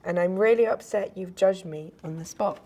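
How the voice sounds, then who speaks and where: A woman voicing a tall, gentle young female werewolf who speaks softly and sounds hurt. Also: lowish voice, normal speed. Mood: hurt, pleading.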